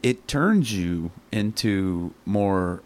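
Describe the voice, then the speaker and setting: A man's voice: low voice, lively intonation, extremely slow. A man hosting a casual talk show, earnest and rambling, often stopping to correct himself. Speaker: show host. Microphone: headphones and studio mic.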